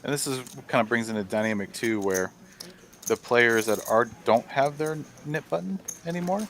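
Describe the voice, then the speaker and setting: A man doing relaxed live poker commentary, explaining hands with filler words. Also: medium pitch, moderate pace, a little hiss or hum.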